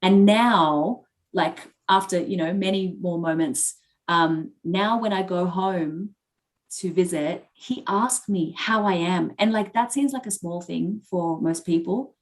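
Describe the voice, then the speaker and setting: A woman's voice: lowish voice, takes it slowly. A woman co-hosting a podcast, telling a personal story in a candid, emotional way and swearing freely. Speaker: podcast co-host. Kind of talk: personal storytelling in casual chat.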